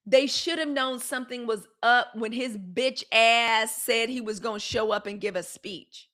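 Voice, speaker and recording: Outspoken woman livestream news host. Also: on the high side. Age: middle-aged. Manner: animated, blunt, swearing, reacts to viewer comments. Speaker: host of a live news commentary show. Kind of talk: livestream news commentary, reading chat.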